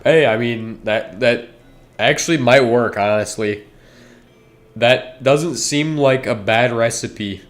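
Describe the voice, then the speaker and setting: A man's voice: medium pitch, slow, soft background music. Male streamer, casual rambling chat with viewers, frequent restarts. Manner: rambling, self-interrupting, talks straight to chat.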